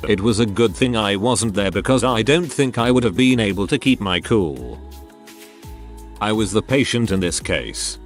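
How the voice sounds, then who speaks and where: A man narrating a run of internet stories in a steady, even reading voice. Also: lowish voice. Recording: faint music behind.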